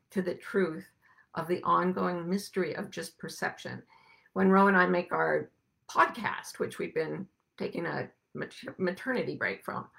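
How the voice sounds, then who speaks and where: A woman hosting a reflective spiritual talk to a group, soft-spoken and unhurried, sometimes sinking to hushed whispers. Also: mid-range voice, gravelly. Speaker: podcast host and teacher.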